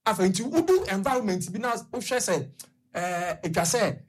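A woman with a Ghanaian accent chatting on a radio show, telling animated stories and switching between Twi and English. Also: mid-range voice, moderate pace, husky. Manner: animated storytelling, code-switching. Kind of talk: casual chat mixing Twi and English.

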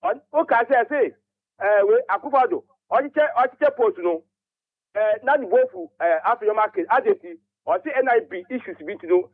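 A man's voice: high-pitched, lively intonation, moderate pace, dry recording. Man campaigning over a phone line. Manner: campaigning, appealing to voters, listing names. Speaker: caller. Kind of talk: political phone-in call.

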